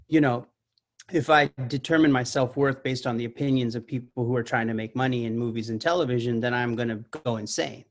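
A man in his thirties, an actor and musician, talking as a guest in a casual podcast chat, reflective and earnest as he builds long thoughts. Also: medium pitch. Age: 30s.

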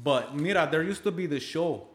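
A man with a high, bouncy voice tells a rowdy story in loose slang, swinging his pitch all over the place. The room around him sounds hollow and echoey. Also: animated, normal speed. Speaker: guest. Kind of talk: casual comedic chat.

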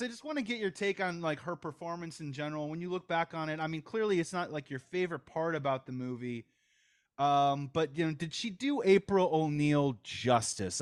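A man's voice: on the high side, fairly quick, no echo, studio quality. A man hosting a podcast, recapping behind-the-scenes stories casually and handing questions to his guests. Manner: recaps trivia in a storytelling way, hands off to guests. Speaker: podcast host. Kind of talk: casual chat.

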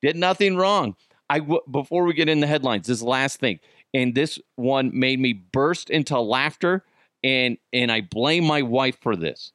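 A man's voice: mid-range voice, unhurried, fairly bright tone, no echo, studio quality. A middle-aged man hosting a podcast, telling casual stories with swearing and laughter and acting out the voices of the people in them. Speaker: podcast host. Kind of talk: casual storytelling monologue.

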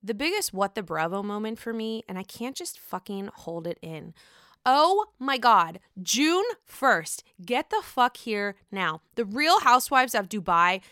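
A young woman chatting excitedly about reality TV as a solo host, swearing freely. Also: medium pitch, unhurried, smooth, no room sound, studio quality. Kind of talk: casual solo commentary.

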